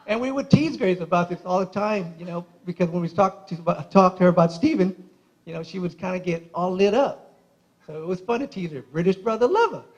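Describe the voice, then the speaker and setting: Best man, male, high-pitched, casual and giggly, emotional wedding toast at a reception. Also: normal speed, pauses often, a little mellow, poor audio. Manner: chatty, laughs often through his stories; admits he gets emotional.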